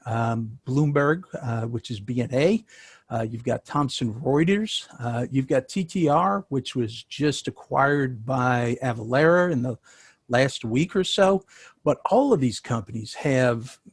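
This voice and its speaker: A man's voice: mid-range voice, a little slow, slightly rough, no room sound, clean studio sound. A man with a New York accent answering interview questions as a sales tax consultant, talking conversationally with many fillers and restarts.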